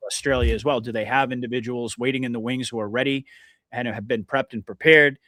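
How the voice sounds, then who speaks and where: A man's voice: mid-range voice, steady tone, fairly quick, sharp tone, no room sound. A man hosting a podcast interview, talking in an earnest, emphatic way with many restarts. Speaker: podcast host. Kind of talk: casual conversational interview.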